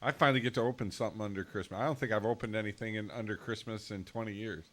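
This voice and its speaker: A man co-hosting a podcast, making dry, deadpan remarks in casual chat. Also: lowish voice, very fast.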